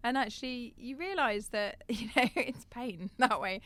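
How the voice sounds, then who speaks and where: A woman's voice: a little high, lively intonation, measured pace, fairly bright tone, no echo. A middle-aged woman, a coach, talking candidly and reflectively in a podcast conversation. She laughs often mid-sentence and has a slight cough. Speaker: coach and guest.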